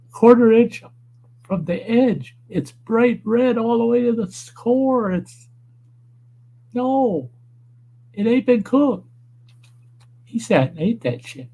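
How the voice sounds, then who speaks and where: This northern Wisconsin man hosts a casual livestream, spinning rambling, profane stories about food and fishing as an animated storyteller. His voice runs a little high, and the recording quality is low.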